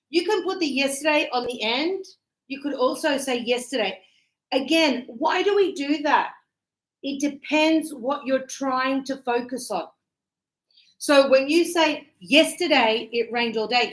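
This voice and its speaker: A woman teaching an English grammar lesson to a class, explaining patiently with examples and encouraging her students. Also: high voice. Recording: echoey classroom sound.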